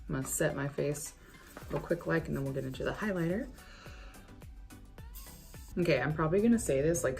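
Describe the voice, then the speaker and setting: A woman with a slightly low voice talks through a chatty makeup vlog. She rambles from topic to topic, swears freely and gets defensive. Faint music plays underneath. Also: creaky, darkish tone. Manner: defensive ranting. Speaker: beauty vlogger.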